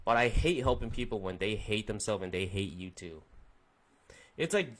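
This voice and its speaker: A man's voice: lowish voice, expressive, moderate pace, fairly bright tone. A young man hosting a casual podcast stream, chatting loosely with viewers in a rambling, profane way. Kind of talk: casual chat with live chat viewers.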